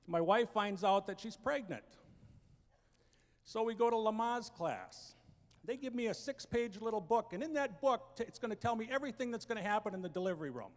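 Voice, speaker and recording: A man in his thirties telling family stories as a stand-up comedian, acting out the voices and building to shouted punchlines on an auditorium stage. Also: high voice. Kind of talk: stand-up storytelling. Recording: long hall reverb.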